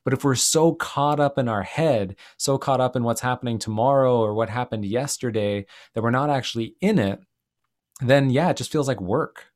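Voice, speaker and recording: A male podcast host talking in a relaxed, reflective way, with a medium-pitched voice. He winds through anecdotes and big-picture thoughts, sprinkling in "like" and "you know". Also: moderate pace. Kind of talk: casual conversational interview.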